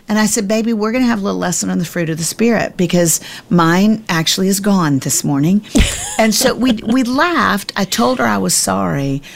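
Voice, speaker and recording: A middle-aged woman Bible teacher telling a family story in an animated, self-deprecating way during a conversation. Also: medium pitch, vocal fry. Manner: self-deprecating, emphatic, quick to laugh at herself.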